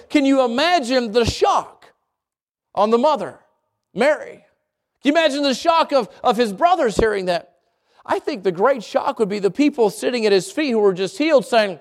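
A male pastor preaching a sermon, animated and talking straight to his congregation. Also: moderate pace. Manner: animated, swings pitch widely, addresses congregation directly.

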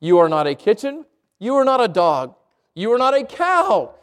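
A man's voice: high voice, big pitch swings, normal speed, clear, resonant tone. A man voicing a newborn baby bird searching earnestly for its mother, close to his own voice.

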